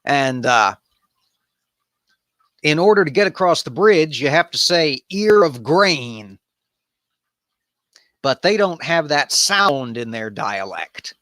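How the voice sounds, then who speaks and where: A man's voice: on the high side, sing-song, a little slow, fairly bright tone, no room sound, studio quality. A man hosting an improvised bible study, reading aloud and commenting in a casual, irreverent way with wandering asides.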